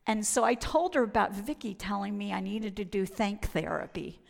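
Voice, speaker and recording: A woman with a slightly gravelly voice tells a funny personal story about faith, mocking herself and acting out the other people's lines. Her voice rings in a long hall reverb. She moves briskly from laughter to hushed wonder. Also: mid-range voice. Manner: lively, self-mocking, acts out voices.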